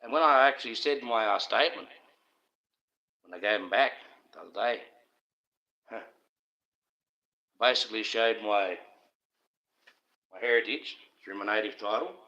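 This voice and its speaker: A middle-aged Australian man hosts his own livestream, speaking straight to viewers in an aggrieved, conspiratorial ramble. His lowish voice moves at normal speed with frequent pauses and a sharp tone, and the highs are cut off.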